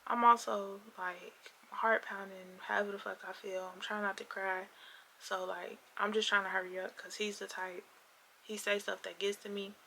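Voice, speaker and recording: A woman's voice: medium pitch, flat delivery, moderate pace, creaky, pushed and bright, a little hiss or hum. A young woman telling a personal story on her vlog, acting out both sides of an argument with emphasis.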